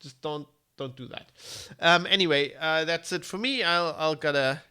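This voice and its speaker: A man's voice: a little high, normal speed, sharp tone. A man with a German accent, congested from hay fever, giving a rambling, blunt tech news commentary on a live stream. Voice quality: gravelly. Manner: rambling, blunt, with frequent ums and restarts.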